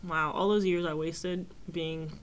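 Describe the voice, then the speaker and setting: A woman co-hosting a casual podcast chat, animated and sassy, full of slang and mock-preaching asides. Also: lowish voice, unhurried, slight background noise. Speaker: podcast co-host.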